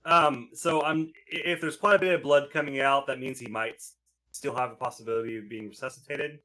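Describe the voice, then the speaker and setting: A man's voice: medium pitch, steady tone, brisk, bright, forceful tone. A man playing a tabletop role-playing game, describing his character's actions hesitantly with many restarts. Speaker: player.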